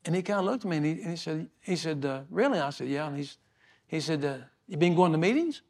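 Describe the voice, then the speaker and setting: Folksy older male pastor, fairly high voice. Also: lively intonation, quick pace. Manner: folksy, repetitive, chuckling storyteller. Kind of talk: sermon with storytelling.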